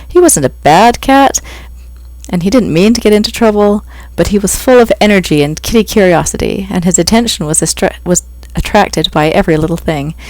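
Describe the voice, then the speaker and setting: An author reading a novel aloud, with steady, even narration. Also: mid-range voice, fairly quick, no room sound. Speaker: author reading own book. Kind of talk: audiobook reading.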